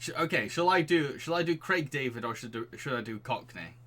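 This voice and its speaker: A man's voice: mid-range voice, lively intonation, fairly quick, fairly bright tone, slight background noise. A man from England streaming a dating game, giggling and reading the story aloud. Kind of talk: let's play commentary.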